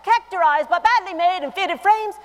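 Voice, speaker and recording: A woman's voice: very high-pitched, a little fast, pitched above the performer's own voice. A woman putting on a British accent to read a brand's copy aloud in a playful, exaggerated lilt. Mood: playful posh. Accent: British, put on. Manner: lilting, raised, playful exaggeration. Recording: long hall reverb.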